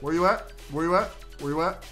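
A young man playing a mobile game, cursing and shouting at the characters, swinging between low grumbles and loud outbursts. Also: brisk, soft background music. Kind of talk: profane gameplay commentary.

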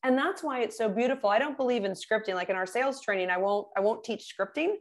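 A middle-aged woman speaking as a guest in an interview, telling stories and acting out the voices of the people in them. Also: fast talker. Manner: lively, acts out quoted voices with big pitch jumps. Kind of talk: animated storytelling in an interview.

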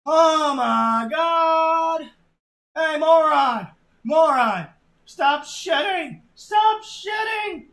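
A narrator putting on a panicky young guy who yells everything in loud slang, pitched high above the telling voice. He sounds frantic and excitable. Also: slow, reverberant. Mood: screaming.

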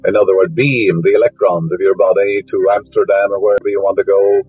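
A man's voice: low-pitched, flat delivery, quick pace, a little mellow, highs cut off, soft background music. A man giving a spiritual lecture, full of fillers, whose voice rises sharply on key words. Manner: rambling, fillers, rising emphasis on key words.

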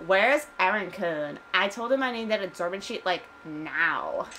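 A woman's voice: mid-range voice, lively intonation, measured pace, slight background noise, close to an everyday voice, poor audio. A woman voicing a stuck-up young woman with a nasal, drawling Valley Girl voice. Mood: snooty.

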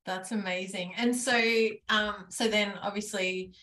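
A woman's voice: mid-range voice, steady tone, unhurried, sharp tone. A woman hosting a casual interview, backing up her guest with many short replies and asking follow-up questions. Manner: encouraging, many short affirmations. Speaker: podcast host. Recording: roomy sound.

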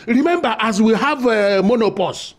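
An actor with a Nigerian accent playing a fussy, excitable village father who scolds and pleads comically. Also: high-pitched, moderate pace. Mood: scolding. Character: fussy older male village elder, the father. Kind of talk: comedic film acting.

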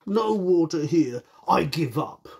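A man voicing an eager, heavy male hippo in a storybook, chanting loudly and rhythmically. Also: fairly high pitch, expressive, slow pace, vocal fry, husky, voice pushed up, full character voice.

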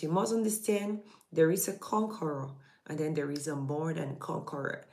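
A woman's voice: sits low, normal speed, a little mellow. A woman minister delivering an emphatic morning devotional sermon, repeating key phrases and building intensity.

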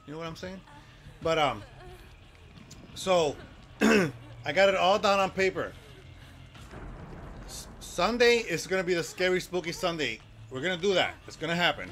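A man with a voice on the high side and a fairly bright tone streams a video game. He chats loosely with his viewers and reacts to the game as he plays.

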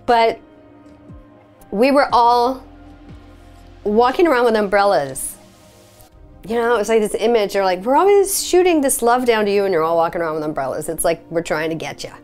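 A woman's voice: mid-range voice, lively intonation, normal speed, long pauses, darkish tone, soft background music. A woman recounting a personal experience in a conversational, filler-heavy way, her voice leaping up when she relives quoted moments. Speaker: experiencer sharing her story. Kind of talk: personal testimony.

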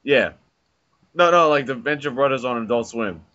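A man's voice: mid-range voice, expressive, moderate pace, bright, forceful tone. A man on a voice call telling rambling stories, full of restarts and fillers, laughing as he goes. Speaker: friend on the call. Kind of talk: casual chat. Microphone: computer mic on a voice call. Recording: dull lo-fi voice chat recording.

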